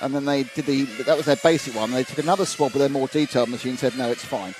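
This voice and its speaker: A man with a mid-range voice talks very fast while commentating live on a radio-controlled car race. He chats casually and reads out viewer messages with asides, recorded trackside amid noisy race car engines and ambience.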